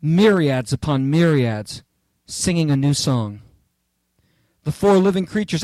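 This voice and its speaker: A man's voice: on the high side, moderate pace, dry recording. Emphatic preacher man, dry close sound. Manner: emphatic, repetitive, rising to near-shouts on key phrases. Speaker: pastor. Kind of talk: sermon. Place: church.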